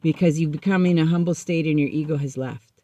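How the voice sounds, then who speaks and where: A woman's voice: low-pitched, fast talker, mellow, no room sound, natural voice. A woman voicing a male recovery sponsor she once knew, who gives direct, matter-of-fact advice. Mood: earnest.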